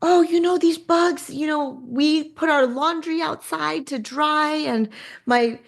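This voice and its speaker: Woman playing a cheerful suited hotel worker in his fifties, gushing and pitched up from her own voice. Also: takes it slowly, gravelly, heavily acted. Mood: chatty. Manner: excited, gushing. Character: delighted middle-aged male hotel worker in a suit.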